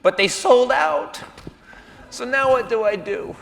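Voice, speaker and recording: A man performing a stand-up routine, telling a story with quick, animated turns between voices. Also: sits high, vocal fry, slight background noise. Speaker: stand-up comedian. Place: comedy stage before an audience. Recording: live stage, hall reverb, faint audience.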